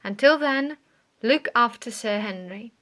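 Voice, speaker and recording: Picture a sharp-minded detective giving orders in a clipped, commanding way, read by a woman in her own bright voice. The delivery is slow and deliberate, with a lifted pitch. It is an audiobook reading. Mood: calm.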